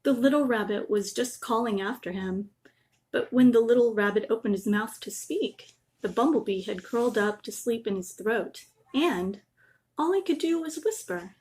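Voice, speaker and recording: A woman gently reading a children's bedtime story aloud, adding little asides. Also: fairly high pitch, lively intonation, normal speed.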